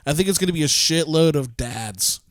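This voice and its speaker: A young adult man co-hosting a podcast, excitable and profane, talking in big exaggerations. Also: a little high, brisk, dry recording, studio quality. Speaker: podcast co-host, comedian. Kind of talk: casual chat.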